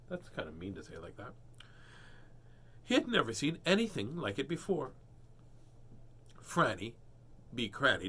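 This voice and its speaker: A man reads a children's picture book aloud in a mid-range, sharp, slightly rough voice. He playfully voices the characters and keeps breaking off for jokes and asides.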